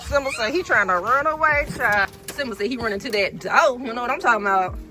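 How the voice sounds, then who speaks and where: A woman's voice: fairly high pitch, fast, music in the background. A woman, chatting casually to the camera as a vlogger about her dogs. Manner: chatty and animated, uses y'all, narrates her dogs' reactions. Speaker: vlogger and dog owner.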